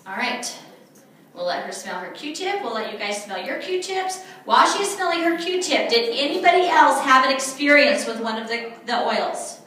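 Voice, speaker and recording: With a high, bright, pushed voice full of big pitch swings, a woman presents at a retreat workshop, teasing her audience playfully while instructing them through a live demonstration. Her pace is moderate. A far-off mic picks her up in an echoing room.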